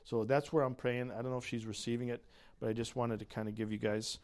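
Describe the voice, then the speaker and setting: A man giving an earnest prayer update to a church group, speaking softly. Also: mid-range voice, level tone, fast talker.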